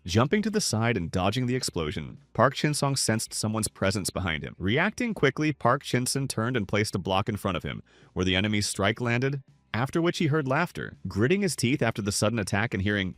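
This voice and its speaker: A man narrates a comic story recap in a low voice. His pitch is animated and his delivery steady and dramatic. The sound is dry, with faint music underneath. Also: a little fast, no room sound.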